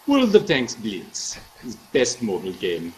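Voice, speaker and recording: A man's voice: lowish voice, wildly swooping pitch, measured pace, a little mellow, poor audio. A man guesting on a stream Q&A, giving brief, upbeat answers. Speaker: game company guest. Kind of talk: casual Q&A answers.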